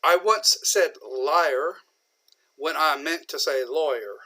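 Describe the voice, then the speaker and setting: A man reading the lines of a dry-witted older statesman in a slow drawl. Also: on the high side, bright, forceful tone.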